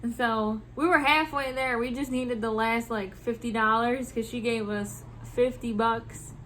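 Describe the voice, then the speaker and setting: A woman vlogger venting about her workday in animated, profane casual talk, laughing often. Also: a little high, unhurried, slight background noise. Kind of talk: casual venting about work over a drink.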